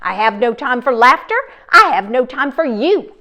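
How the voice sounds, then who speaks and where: Woman doing a loud, scornful grumpy businessman. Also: on the high side, expressive, normal speed, lo-fi sound. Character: grumpy gloomy businessman with briefcase.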